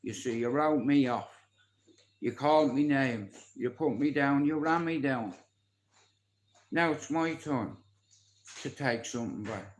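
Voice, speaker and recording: A man's voice: mid-range voice, unhurried, pauses often, low-quality recording. An Irish man in his forties, chatting on a live stream in a boastful, rambling way and swearing freely. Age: 40s. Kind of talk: casual live-stream chat.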